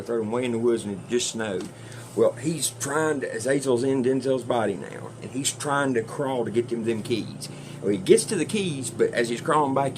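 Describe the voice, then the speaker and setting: Male reviewer, low-pitched, rambling conversational delivery. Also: slight background noise. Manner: rambling, chatty, with fillers and mild swearing. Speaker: movie reviewer. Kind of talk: casual plot retelling.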